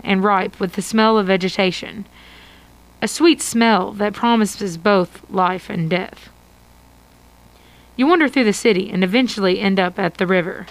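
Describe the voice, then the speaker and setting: A woman's voice: mid-range voice, low-quality recording. A woman narrating an interactive adventure story for radio, reading steadily. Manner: steady read-aloud storytelling.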